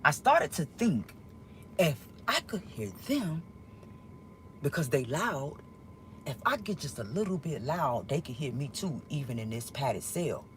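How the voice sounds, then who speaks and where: A woman telling a personal story in a casual monologue, emotional and profane, rambling and swinging between loud outbursts and hushed asides. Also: deep voice, sing-song, a little slow, a little hiss or hum. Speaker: storyteller vlogger.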